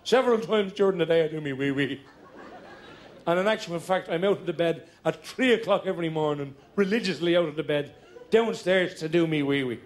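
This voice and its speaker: A man's voice: a little high, brisk, slight background noise, close to an everyday voice. A man putting on a chirpy old grandfather. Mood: eager. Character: chirpy elderly grandfather, cheerfully oblivious. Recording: live stage, audience laughter, music.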